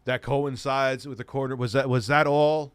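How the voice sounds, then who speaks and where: A sarcastic male host riffs on clips in casual commentary, exasperated and quick to curse. His voice sits in a middling register. The recording is close and dry, with no room sound. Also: mid-range voice, fairly even intonation, clean tone, no room sound. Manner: sarcastic, exasperated, swears freely.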